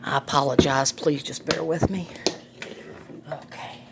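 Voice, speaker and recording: A middle-aged woman with a drawl talks viewers through a recipe in her home kitchen, folksy and quick to laugh. Her voice sits somewhat low. A faint background noise hangs under the recording. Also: fairly even intonation, creaky. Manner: chatty, folksy, laughs often. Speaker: home cook, vlog host. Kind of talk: casual cooking demonstration.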